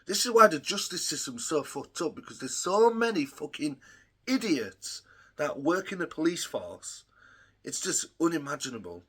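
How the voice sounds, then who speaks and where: A man's voice: on the high side, very animated, moderate pace, sharp tone, husky. A young man telling a rambling, profane story in a casual vlog, full of ums and uhs. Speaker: vlogger.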